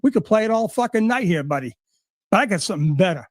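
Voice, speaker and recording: A man's voice: high voice, animated, fast, no echo, studio quality. A middle-aged man ranting on a livestream in a combative, sarcastic way, swearing constantly. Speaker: livestream guest. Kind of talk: profane ranting monologue.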